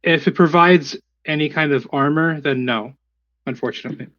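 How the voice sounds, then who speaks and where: A man's voice: on the high side, normal speed, no echo, muffled recording, lightly acted. A man voicing his druid character, speaking formally and apologetically to a shopkeeper. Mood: polite. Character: polite druid adventurer, a man.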